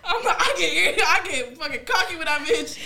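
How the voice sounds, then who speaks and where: A woman co-hosting a podcast in casual chat, loud, profane and quick to laugh. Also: extremely high pitch, expressive, vocal fry, over a noisy crowd. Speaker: podcast co-host.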